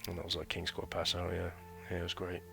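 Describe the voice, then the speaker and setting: In a laid-back vlog, a UK man in his thirties recalls his days as a recruit in military training, rambling on with plenty of slang and filler words. He talks fast in a low, creaky, fairly bright voice with an entirely flat delivery, and faint music plays behind him.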